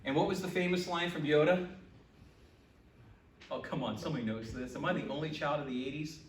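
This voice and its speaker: A man preaching a sermon as a pastor, lively and building to loud exclamations. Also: on the high side, brisk, crowd noise. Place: church sanctuary. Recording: echoey church, mic from a distance.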